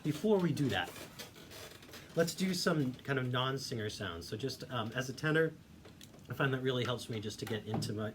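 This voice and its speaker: A male voice teacher calmly guiding a singing warmup, giving encouraging instructions. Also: mid-range voice. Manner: demonstrates hums and vocal sounds. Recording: faint background noise.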